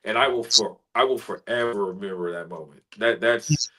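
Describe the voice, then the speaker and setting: A man who is a spoken word artist, a guest in an interview, telling a personal story in an earnest, heartfelt way that grows quiet when he is moved. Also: on the low side, normal speed, low-quality recording.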